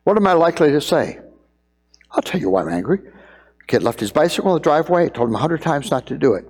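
A middle-aged man preaching as a pastor, earnest, sometimes acting out scenes in quick raised voices. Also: on the high side, animated, a little mellow, in a large hall. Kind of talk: sermon on parenting.

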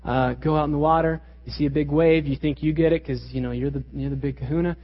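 A pastor preaching a sermon with emphatic delivery and rhetorical questions, in a church hall. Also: male voice, on the high side, fairly even intonation, fast. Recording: reverberant, dull lo-fi hall recording.

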